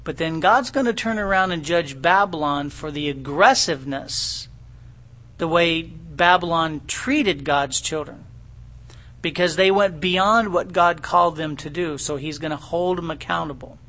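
A middle-aged man delivers a sermon as if chatting with his congregation. His voice sits high and rings bright. He keeps checking in with his listeners in a homespun, folksy manner. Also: a little slow. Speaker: pastor. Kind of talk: conversational sermon.

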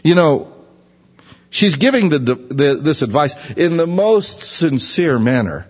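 A man's voice: on the high side, sing-song, takes it slowly. A man preaching a sermon, teaching through a Bible passage in a folksy, conversational way. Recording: lo-fi recording with long hall reverb.

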